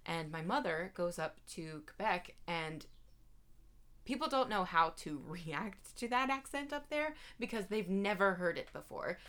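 A woman's voice: fairly low pitch, lively intonation, measured pace, fairly bright tone. A young woman co-hosting a podcast, chatting casually with frequent fillers and laughs. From Baltimore area, USA. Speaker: podcast co-host. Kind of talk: casual chat.

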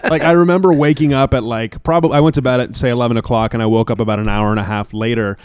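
A man's voice: medium pitch, steady tone, rapid-fire, a little mellow, clear, resonant tone, no echo, studio quality. A man co-hosting a casual podcast, rambling and joking with lots of restarts and fillers. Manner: rambling, jokey, many restarts. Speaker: podcast co-host.

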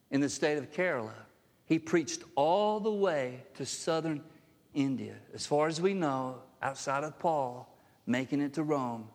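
A pastor delivers a sermon, his slightly high male voice pressing each point emphatically and leaping upward when he quotes. The sound carries a long reverb from a church sanctuary. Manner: emphatic, rises sharply in pitch when quoting.

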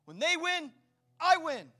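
High, bright-voiced energetic preacher man. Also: slow pace. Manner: energetic, preaching straight to the congregation; casual slang mixed into preaching. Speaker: pastor. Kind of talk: sermon.

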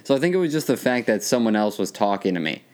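A man's voice: fairly low pitch, sing-song, fast talker, darkish tone. Laughing young male storyteller. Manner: laughing storyteller, acts out voices of others. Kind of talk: casual storytelling.

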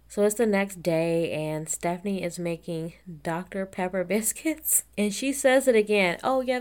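A woman's voice: on the low side, darkish tone. A woman giving a casual, blunt and sarcastic recap of a TV episode, swearing and laughing often. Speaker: reality TV recap host.

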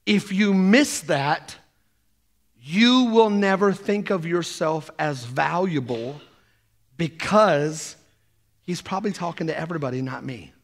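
A man preaching an energetic sermon to a congregation, often acting out playful quoted voices. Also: a little high. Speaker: pastor.

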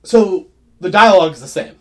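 A man co-hosting a casual movie discussion, animated and halting with frequent restarts. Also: sits high.

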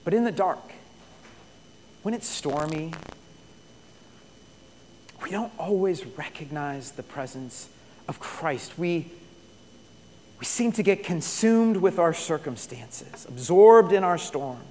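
A man preaching a sermon, telling stories and swinging from loud bursts to hushed, quiet passages. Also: fairly high pitch, lively intonation, slow, long pauses, in a large hall, a little hiss or hum. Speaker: pastor.

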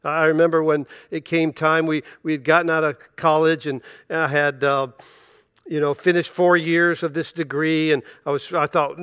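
A middle-aged male pastor telling a story from the pulpit, animated and self-deprecating, acting out each character's lines. His voice sits a little higher than most men's. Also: moderate pace, smooth. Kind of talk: sermon with personal storytelling.

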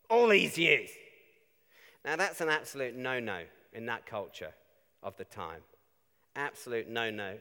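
A man's voice: medium pitch, a bit bright, smooth. A man preaching a conversational sermon, often asking tag questions of his listeners. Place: church. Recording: long reverb of a church.

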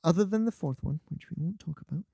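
A man co-hosting a casual film chat, animated and swearing as he acts out movie quotes. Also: on the high side, fast, gravelly, slightly rough, no room sound, clean studio sound. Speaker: podcast co-host.

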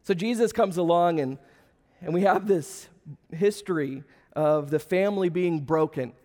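A man's voice: on the high side, a little slow, dark tone, long reverb tail. A young adult man, a pastor losing his voice, preaching a sermon at a church service in a casual, joking, conversational way.

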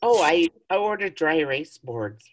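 A woman's voice: deep voice, animated, moderate pace. A woman co-hosting a casual podcast, telling rambling stories with giggles and plenty of swearing. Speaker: podcast co-host. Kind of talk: casual chat.

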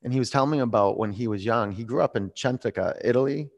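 A man in his forties leading a yoga class, calm and reflective as he tells a personal story between pose cues. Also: mid-range voice, fast, creaky, muffled recording. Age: 40s. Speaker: yoga instructor.

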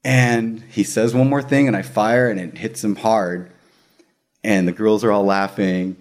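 Brief: male magician spinning a story in casual chat, lively, laughs a lot, does quick voices. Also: on the low side. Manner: animated, laughs often, acts out quoted voices.

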